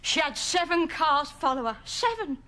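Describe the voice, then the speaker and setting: A woman's voice: high-pitched, expressive, moderate pace, bright, forceful tone. A woman playing a chatty, blunt, gossipy elderly grandmother in a comedy sketch. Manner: chatty, dropping sly asides.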